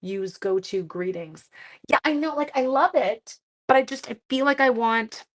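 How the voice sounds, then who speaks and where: A woman from Canada, slightly hoarse with a cracking voice, chatting casually and teasing herself as she hosts a papercraft live stream for her viewers. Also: on the high side, moderate pace, a bit bright. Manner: chatty, self-mocking, talks to viewers while working. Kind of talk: casual live-stream chat while crafting.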